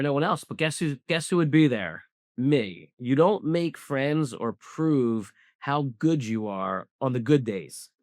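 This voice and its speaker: A man's voice: medium pitch, no room sound, clean studio sound. A man from Southwest Philadelphia, a business founder being interviewed, talking bluntly and emphatically and repeating points for stress. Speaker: guest, cybersecurity business founder. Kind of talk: casual interview talk.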